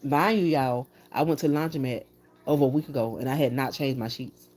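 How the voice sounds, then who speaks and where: A woman's voice: rumbling low, a little fast, a little mellow. A woman vlogging from her bedroom, chatting straight to her viewers in an exasperated, talkative way. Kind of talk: casual chat to viewers. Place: home bedroom.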